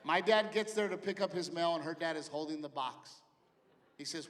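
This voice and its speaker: A man's voice: fairly high pitch, normal speed, a bit bright. Brash, profane stand-up comic man. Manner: brash, profane storytelling with acted-out quotes. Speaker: stand-up comedian. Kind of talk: stand-up comedy set. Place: large theater stage with a live audience. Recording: live hall reverb, audience noise.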